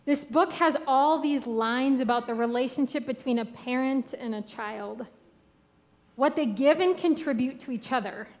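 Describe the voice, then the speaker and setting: A woman pastor giving a sermon with a gentle, rhythmic delivery. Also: high voice, moderate pace, lo-fi sound. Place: church sanctuary.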